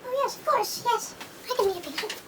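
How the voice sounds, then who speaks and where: Lady putting on a squeaky little tomcat voice, shy and stammery, way up high. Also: expressive, fairly quick, a bit bright, slight background noise. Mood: meek. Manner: hesitant, stammering. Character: timid high-voiced male cat patient.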